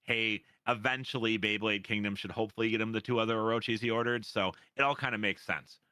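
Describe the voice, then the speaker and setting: A man's voice: on the low side, fairly even intonation, fast, pushed and bright, clear, resonant tone, dry recording. A man from Minnesota hosting a podcast, asking questions in a chatty way with lots of fillers. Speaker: podcast host. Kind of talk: casual chat, interviewing.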